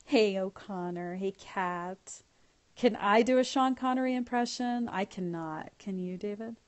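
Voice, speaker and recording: A woman's voice: mid-range voice, measured pace. A woman hosting a casual phone livestream, reading viewers' comments aloud and thanking them effusively with blown kisses. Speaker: livestream host.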